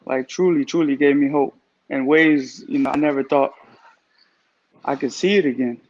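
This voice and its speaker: A man's voice: medium pitch, moderate pace, a little mellow, dull audio. A man calling in to a live stream, gushing with grateful, repetitive praise as he talks about his recovery. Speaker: guest caller in recovery, barber. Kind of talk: emotional live-stream call.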